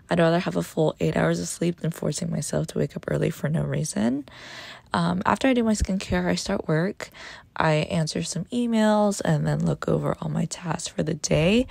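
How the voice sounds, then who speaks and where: A woman talks through her day in a relaxed, chatty vlog voice-over, poking fun at herself as she goes. Her voice is low and heavy with vocal fry, rough and gravelly from just waking up. She speaks as a dietitian sharing her routine in easy, everyday speech. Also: no echo. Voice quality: gravelly morning voice. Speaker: dietitian vlogger. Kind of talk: casual day-in-the-life voice-over.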